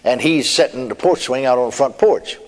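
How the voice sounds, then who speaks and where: A man's voice: medium pitch, brisk. A man preacher telling a testimony in a folksy storytelling manner, chuckling and adding amen. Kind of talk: sermon testimony. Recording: long hall reverb.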